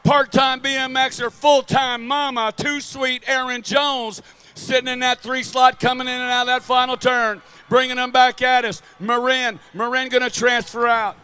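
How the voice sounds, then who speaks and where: A man giving excited, chatty color commentary on a BMX race live. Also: very high-pitched, moderate pace, smooth. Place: outdoor BMX track.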